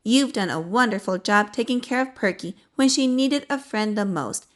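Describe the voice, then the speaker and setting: A woman's voice: mid-range voice, expressive, normal speed, lightly acted. A woman reading the lines of a doting, fussy grown-up lady who owns a pet dog in a children's storybook. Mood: grateful.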